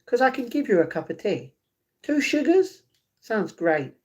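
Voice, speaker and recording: A man's voice: very high voice, very animated, unhurried, voice pushed up, heavily acted. A man putting on a sugary posh British charmer. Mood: doting. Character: doting, sugary posh British man fussing over guests.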